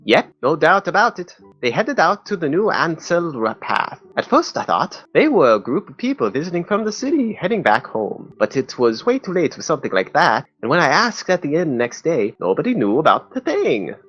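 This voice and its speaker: A man's voice: on the high side, very animated, normal speed, few pauses, a bit bright, pitched above the performer's own voice. Guy doing a bragging fisherman in a wobbly boston accent, swoopy voice, dull lo-fi mic. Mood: storytelling. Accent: put-on Boston-ish accent drifting British. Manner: rambling, folksy storytelling. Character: chatty middle-aged male fisherman, boastful. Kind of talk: amateur game voice acting.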